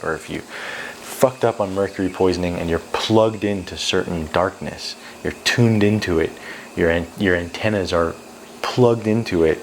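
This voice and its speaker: Deep-voiced man telling an intense story. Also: slight background noise. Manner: intense, rambling, swears freely. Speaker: YouTuber telling a personal story. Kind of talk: casual storytelling vlog. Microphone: close to camera.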